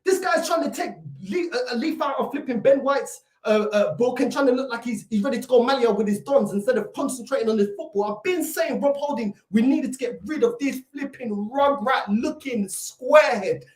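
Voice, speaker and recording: A woman's voice: a little high, fairly quick, hardly any pauses, darkish tone. A woman delivering a fuming, repetitive rant as a football fan reacting to a match. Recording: echoey room, mic at a distance.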